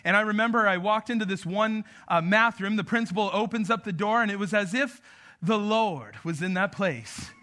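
A man in his thirties from New Mexico delivers a sermon with a high voice. His tone is bright and forceful, and he preaches in a casual, joking, storytelling way. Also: moderate pace. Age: 30s. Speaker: pastor.

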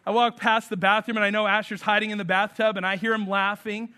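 A man in his thirties preaching a sermon, telling stories with lively acted-out voices. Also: sits high, fast talker. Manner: storytelling, animated, acts out voices. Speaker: pastor.

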